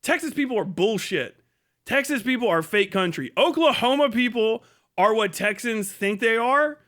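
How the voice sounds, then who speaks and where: A man's voice: sits high, expressive, normal speed, a bit bright. A man hosting a livestream, ranting crudely and mockingly, laughing often. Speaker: livestream host. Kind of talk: profane comedic rant.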